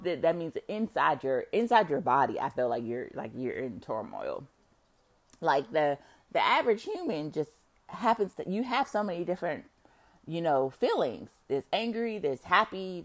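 A woman with a low-pitched voice that leaps around with lively, animated swings. She rambles through a casual monologue to her viewers, full of fillers and free swearing, dropping to a murmur and then rising to loud bursts. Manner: rambling, musing, swears freely, many fillers. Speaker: vlogger.

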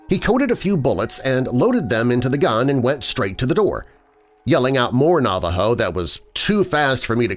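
A man hosting a podcast, reading a scripted horror story in a dramatic, expressive manner. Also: mid-range voice. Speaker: podcast host and narrator. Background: faint background music.

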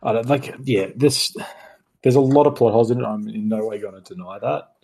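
A man co-hosting a casual film chat, animated, acting out quotes as he talks. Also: on the low side, a little fast, creaky, breathy edge. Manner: animated, acts out lines mid-sentence. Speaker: podcast co-host.

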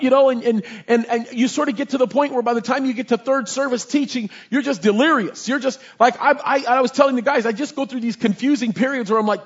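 A man's voice: extremely high pitch, quick pace, hardly any pauses, husky, muffled recording. A man preaching a sermon as a pastor, emphatic and repetitive, with many "you know" fillers.

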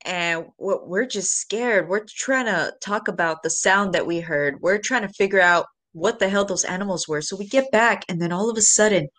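A woman telling a story in casual chat, animated, swearing and speaking straight to the listeners. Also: medium pitch, normal speed, few pauses.

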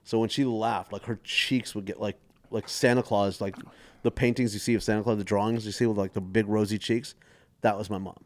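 Man, 40s, comedian guest, low voice, animated storyteller, laughs a lot, lots of fillers. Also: fairly quick. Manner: animated, laughs through his stories, loose with fillers. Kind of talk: casual storytelling chat.

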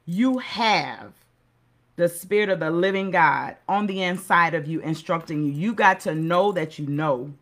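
Earnest preacherly middle-aged woman. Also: on the low side. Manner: earnest, preacherly, repeats key phrases for emphasis. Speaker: host of a motivational segment. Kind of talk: motivational talk.

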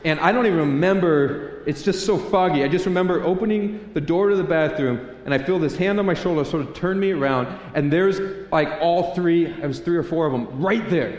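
A man in his thirties preaching a sermon, telling a personal story with animated delivery and acting out voices. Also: on the high side. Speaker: pastor. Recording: echoey hall reverb.

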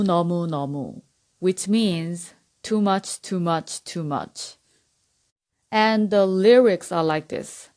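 Slow, low-voiced Korean-accented woman teacher. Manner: patient, repeats words slowly for learners. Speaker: podcast host teaching Korean. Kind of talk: slow language lesson.

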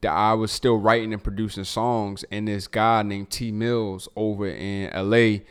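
A man in his thirties with a Baltimore accent speaks in a low, smooth, resonant voice. He tells his story to an interviewer in a loose, rambling way, full of "um" and "you know.". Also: moderate pace. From Baltimore, Maryland. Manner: relaxed, rambling storytelling with many fillers. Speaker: guest, music producer and songwriter. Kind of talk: casual interview talk.

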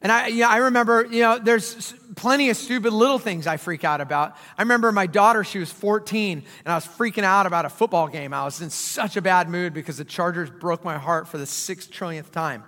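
High, bright-voiced joking male pastor. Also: a little fast, hardly any pauses. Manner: conversational, joking preacher with dramatic swings in loudness. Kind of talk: sermon. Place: church auditorium. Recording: church hall with long reverb.

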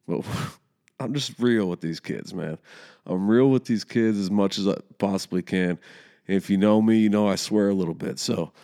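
A man's voice: lowish voice, darkish tone. A young man casually telling a heated, profane story about coaching youth soccer.

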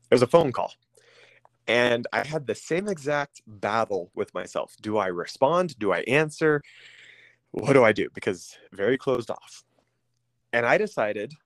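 A man candidly telling a personal story as an interview guest, pausing often with ums and restarting phrases. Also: medium pitch, no room sound. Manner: halting, with frequent ums and restarts.

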